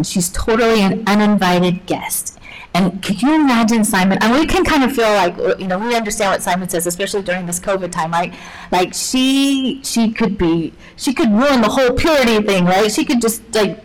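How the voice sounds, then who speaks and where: A woman leads a relaxed Bible teaching in an easy, conversational way. Her pitch sits in a middling range. She fills her talk with "like" and acts out the people in the passage as she goes. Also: rough recording. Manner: chatty, peppered with "like", acts out the story. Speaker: women's ministry speaker.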